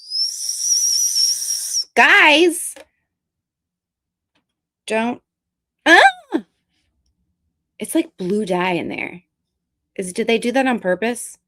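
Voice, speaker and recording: Slow, rambling woman chatting on stream. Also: on the high side, big pitch swings, pushed and bright, slight background noise. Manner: rambling, joking, blunt and profane. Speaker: streamer host. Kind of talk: casual live-stream chat.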